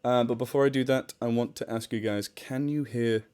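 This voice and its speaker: A man's voice: medium pitch, steady tone, moderate pace, warm tone, smooth. Chatty man with a transatlantic accent. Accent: mixed British-American. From United Kingdom. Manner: chatty and self-deprecating, laughs often, reads chat aloud. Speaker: charity livestream host and story narrator. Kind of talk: casual livestream chat. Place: home room with fish tank near the mic. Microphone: desktop microphone.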